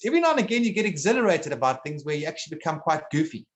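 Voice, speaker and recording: A man talking casually one on one, rambling and halting, restarting his sentences and swearing bluntly now and then. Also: on the high side, sing-song.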